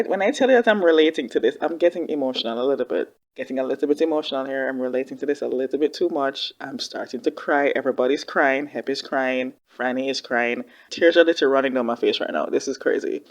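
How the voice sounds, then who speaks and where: A woman giving casual reaction commentary on a TV drama, expressive and slangy, talking back at the screen. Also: extremely low pitch. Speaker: reaction video host.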